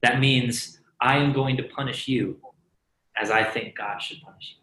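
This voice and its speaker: Brief: casual male preacher, bright tone, echoey church room, chatty sermon with frequent check-ins. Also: medium pitch, steady tone, a little slow. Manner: conversational, asks the crowd "right?" often, jokes and laughs. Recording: roomy echo.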